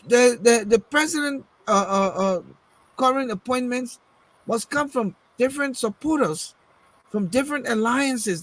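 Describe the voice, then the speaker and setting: Extremely high-pitched and a bit bright, his voice comes through a dry, low-quality recording. He's a talk-show guest in a casual political debate, pushing rhetorical questions and echoing his own words while searching for the next idea.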